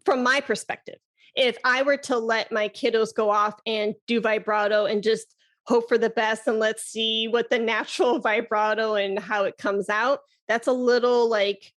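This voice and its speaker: A woman flute teacher talking on a podcast in an animated way, laughing often and demonstrating breath sounds. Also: a little high, moderate pace. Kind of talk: casual podcast conversation.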